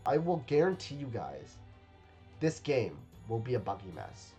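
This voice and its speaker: A man's voice: medium pitch, wildly swooping pitch, a little slow, mellow, soft background music. Rambling man reacting casually. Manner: rambling and hesitant, many fillers and repeats. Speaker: video creator reacting to a game trailer. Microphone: webcam setup.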